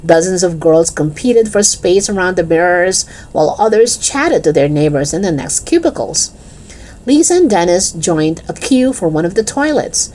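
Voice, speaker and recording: Woman, children's book reader, expressive, mellow, lively pitch. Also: moderate pace. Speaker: storyteller. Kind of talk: children's chapter book read aloud.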